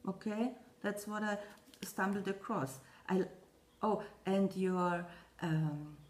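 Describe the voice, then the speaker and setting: Slow, hesitant woman vlogger. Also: medium pitch, a little mellow, echoey room. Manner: slow, hesitant, many fillers and restarts. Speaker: Flosstube vlogger. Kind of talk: casual chat to camera.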